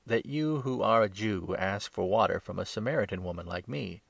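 A Samaritan woman at a well asks earnest, searching questions, as a man reads her part. The voice stays low and gravelly, with little change from his own. The sound is dry and close. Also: lively intonation, normal speed, dry recording, exaggerated voice. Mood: questioning. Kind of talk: scripted Bible reading.

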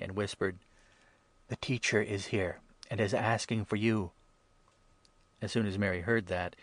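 A man reading scripture aloud in a steady, even narration. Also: on the low side, gravelly, dry recording. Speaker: reader.

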